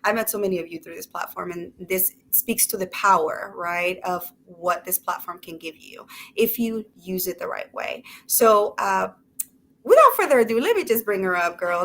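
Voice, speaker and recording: A woman's voice: mid-range voice, a bit bright. A woman hosting a casual online talk show, bubbly and effusive, full of fillers. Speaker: show host. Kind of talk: casual chat.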